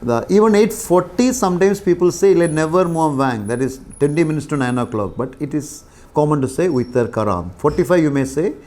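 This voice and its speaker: An older man with an Indian English accent teaching basic French, explaining patiently with pauses and fillers. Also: fairly high pitch, darkish tone. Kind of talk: classroom lecture.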